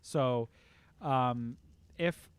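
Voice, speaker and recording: A man's voice: mid-range voice, extremely slow, clear, resonant tone, no echo. A man hosting a casual live stream, talking through his game in a loose, rambling way. He leans on filler words and restarts as he reads chat aloud.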